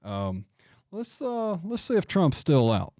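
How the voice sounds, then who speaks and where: A man's voice: fairly high pitch, wildly swooping pitch, slow pace, darkish tone, dry recording. A man hosting a show, chatting casually and rambling with lots of restarts. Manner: rambling, frequent restarts and laughs. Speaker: show host. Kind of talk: casual livestream chat.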